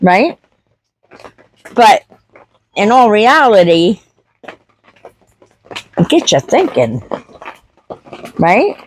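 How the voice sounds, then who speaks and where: A woman's voice: mid-range voice, very animated, extremely slow, pauses often, a little hiss or hum, low-quality recording. A woman homestead vlogger chatting casually to camera, telling a story with acted-out quotes.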